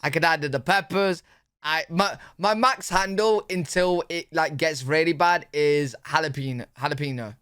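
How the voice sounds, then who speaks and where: A man's voice: a little high, moderate pace, bright, forceful tone, smooth, no echo, clean studio sound. A young British man talking casually as he reacts to a video, laid-back and chatty. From Britain. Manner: laid-back, chatty, says "bro" a lot. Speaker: reaction streamer.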